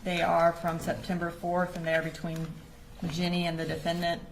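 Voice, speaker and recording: A woman lawyer questioning a witness in court in a measured, prompting way. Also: on the low side, monotone, slight background noise. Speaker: prosecutor.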